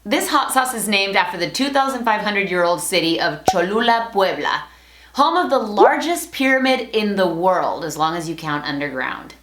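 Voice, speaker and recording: A woman's voice: medium pitch, very animated, a bit bright. Bilingual woman teacher, roomy echo. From Latin America. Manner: clear, deliberate enunciation, switching between English and Spanish. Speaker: language teacher. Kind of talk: bilingual pronunciation lesson.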